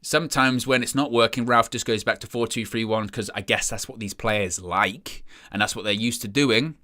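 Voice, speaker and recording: A man's voice: on the low side, moderate pace, sharp tone. A young man hosting a live match watchalong, chatting casually and reading out viewer comments with a self-deprecating, rambling manner. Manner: rambling with frequent restarts and "you know". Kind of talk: casual live-stream chat.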